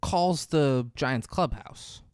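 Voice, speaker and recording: A man co-hosting a casual movie podcast, retelling scenes with lively acted-out voices. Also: medium pitch, smooth, no echo, studio quality. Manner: animated storyteller, acts out movie scenes in quick voices. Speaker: podcast co-host. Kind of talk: casual movie recap chat.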